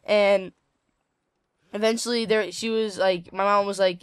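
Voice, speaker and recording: A man's voice: high-pitched, fairly even intonation, normal speed, clean tone, no room sound. A teenage boy casually telling a story over gameplay, rambling with lots of fillers and casual swearing. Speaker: gaming channel host.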